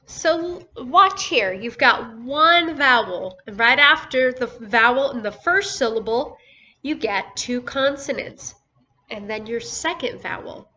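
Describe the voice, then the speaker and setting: Woman, first grade teacher, slow careful pace, sounds out syllables, dull lo-fi audio with faint hiss. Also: on the high side, animated, bright, forceful tone. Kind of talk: recorded phonics lesson for young children. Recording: dull lo-fi recording with faint noise.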